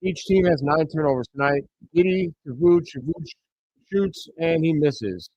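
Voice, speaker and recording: Streamer man, fairly high voice, dry dull home mic, excitable play-by-play caller. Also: measured pace, no room sound. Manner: bursts into excited shouts on big plays. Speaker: host of a live reaction stream. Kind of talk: play-by-play commentary.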